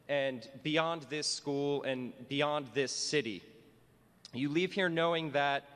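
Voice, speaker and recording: A man's voice: fairly high pitch, a bit bright, in a large hall. A man, a teacher, giving a humorous commencement address in a wry, self-mocking way. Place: school graduation hall.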